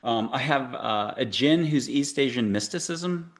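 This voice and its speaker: A man's voice: mid-range voice, lively intonation, measured pace. Playful man hosting a spiritual show. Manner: playful, jokey, coaxing guide. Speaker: show host. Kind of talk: guided meditation talk show.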